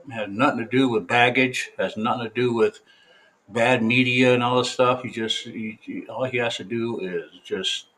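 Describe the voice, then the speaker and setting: A man's voice: medium pitch, a bit bright, husky, rough recording. Man, vlogger, opinionated, rambling, casual monologue. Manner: opinionated, rambling with fillers and restarts. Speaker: vlogger giving an update.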